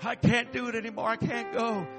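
A terrified young man, trapped and panicking, begs in a voice pushed up high and strained. His words come out pleading and frantic, a man acting him out in a told story. Soft music sits behind him. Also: little pitch movement, fairly quick.

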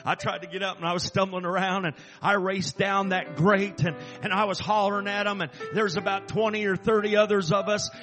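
An earnest man recounts a story with halting, emphatic delivery. His speaking voice sits a little high. Music plays clearly under his telling. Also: level tone, a bit bright, long reverb tail. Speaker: assistant chaplain. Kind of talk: personal storytelling.

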